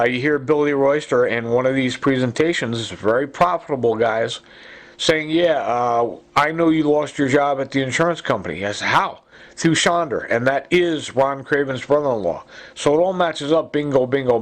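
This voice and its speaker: In a self-recorded, agitated monologue, a man rambles urgently, accusing people and piling up fillers and asides. His voice sits in the mid range at a normal speed.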